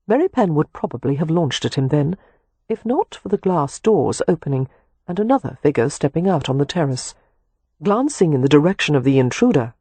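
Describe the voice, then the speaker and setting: A man narrating an audiobook in a steady, even storytelling voice, close to the mic. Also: on the high side, breathy edge, no room sound. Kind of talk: scripted narration.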